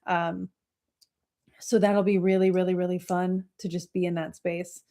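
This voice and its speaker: A woman in her thirties hosts an astrology livestream, chatting casually and rambling with viewers, using many fillers and soft laughs. Her voice is on the low side with little pitch movement, at a moderate pace.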